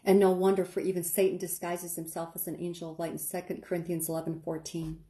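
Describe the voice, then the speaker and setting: Woman preacher doing an online sermon, warm low-key tone but really worked up, keeps repeating herself for emphasis. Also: flat delivery, fast. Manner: dramatic, urgent, repeats phrases for emphasis; addresses listeners directly and casually.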